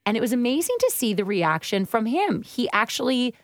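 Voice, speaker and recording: A woman's voice: fairly high pitch, very animated, fairly quick, no room sound, clean studio sound. A woman co-hosting a parenting show, asking questions with curiosity and sharing stories. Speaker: co-host. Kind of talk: casual chat.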